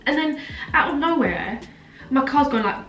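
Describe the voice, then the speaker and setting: A woman's voice: high-pitched, lively intonation, moderate pace, a bit bright, muffled recording. A young woman tells a story as a vlogger, dramatic and full of "like" fillers. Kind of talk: storytime chat. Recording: echoey room, mic at a distance, faint music.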